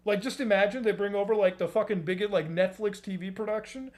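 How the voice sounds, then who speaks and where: A man's voice: sits high, steady tone, fast, darkish tone. A man streaming, ranting casually in a rambling, profane and joking way. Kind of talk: casual reaction-stream rant.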